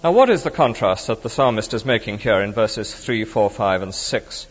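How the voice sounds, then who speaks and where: A middle-aged man preaching a sermon in a conversational, animated way that swings between emphatic and hushed. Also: lowish voice, normal speed. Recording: dull reverberant hall recording.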